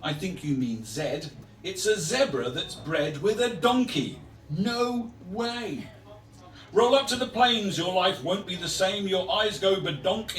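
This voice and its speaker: A man with a fairly high voice reads his own poems to a live crowd, wry and self-mocking. He sounds a little far from the mic in an echoey room, with a faint room murmur behind him. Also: a bit bright, slight background noise. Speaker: performance poet. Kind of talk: live poetry reading with banter. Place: live venue with audience.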